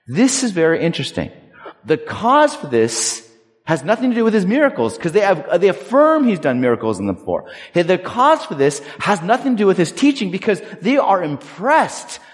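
Animated male pastor preaching in a hall. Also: mid-range voice. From Southern California. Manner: animated, conversational preaching with personal stories. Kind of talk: sermon. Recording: long reverb of a large hall.

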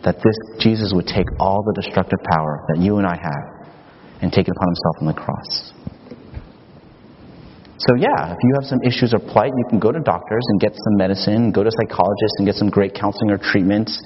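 A male pastor preaches with animated, emphatic energy, painting vivid scenes. His voice sits fairly low. It rings out in a long, reverberant hall, slightly muffled, with a faint hiss. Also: moderate pace. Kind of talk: sermon.

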